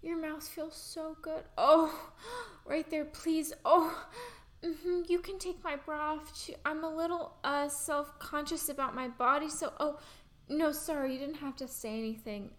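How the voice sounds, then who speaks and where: Young woman, high bright voice, breathy n pleading, intimate audio roleplay. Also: fairly even intonation, moderate pace. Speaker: audio role-play performer. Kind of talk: intimate audio role-play.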